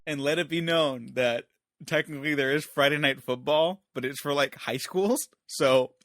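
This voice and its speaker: A man's voice: a little high, moderate pace, fairly bright tone, no echo, studio quality. A man co-hosting a movie podcast, talking in casual, wry and sarcastic chat that is full of "like" fillers. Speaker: podcast co-host.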